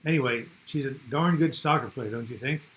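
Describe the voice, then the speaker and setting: Older US man, casual live-chat host, rambling and friendly-paced, mid pitch, faint noise behind. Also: fairly quick, a bit bright, rough recording. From United States. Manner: chatty, rambling, reads viewer comments aloud.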